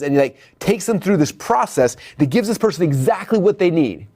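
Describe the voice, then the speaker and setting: A man giving a marketing lesson at a whiteboard, animated, acting out shoppers and salespeople in raised voices. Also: quick pace, few pauses, no room sound, studio quality. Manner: animated, acts out customer dialogue in high voices. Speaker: marketing instructor. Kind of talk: whiteboard lecture.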